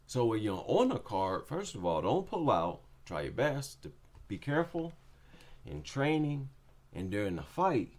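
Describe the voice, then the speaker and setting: A man's voice: medium pitch, sing-song, unhurried, a little mellow. A man giving a casual, opinionated breakdown of MMA fights, repeating his points for emphasis. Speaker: MMA commentator.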